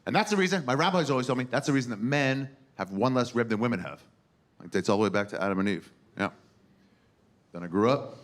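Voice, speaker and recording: A man's voice: mid-range voice, lively intonation, quick pace. A man in his forties doing stand-up comedy, crude, irreverent and conversational. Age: 40s. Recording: loud background noise.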